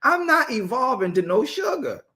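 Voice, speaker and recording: A man's voice: very high voice, normal speed. A man leading a Bible study as its apostle, joking with his group, often repeating and restarting his phrases. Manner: joking, animated, talks straight to the group. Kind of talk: casual Bible study teaching.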